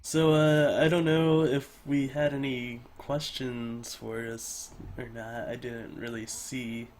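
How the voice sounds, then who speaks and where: A man's voice: mid-range voice, flat delivery, slow, darkish tone. A man signs off a casual gaming podcast, loose and hesitant, his talk full of fillers. A faint hiss sits under the voice. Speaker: podcast co-host.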